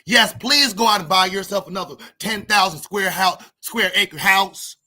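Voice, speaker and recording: A man voicing a mocking country white man who slows his words and calls out like a preacher at a rally. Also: high voice, pushed and bright, heavily acted. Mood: preachy. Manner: drawn-out preacher-style rally cries.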